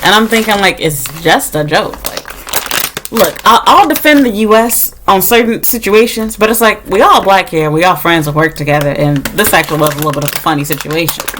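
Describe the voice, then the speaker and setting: An American woman vlogger tells a casual storytime rant, blunt, sarcastic and frequently swearing, mocking others in put-on voices. Her mid-range voice is a little fast and fairly bright, with a slight hiss or hum in the recording.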